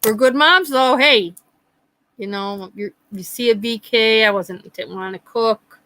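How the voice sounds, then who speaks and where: A woman's voice: on the high side, measured pace, bright, forceful tone, low-quality recording. Laughing middle-aged woman telling a story. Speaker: livestream host. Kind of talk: casual storytelling chat.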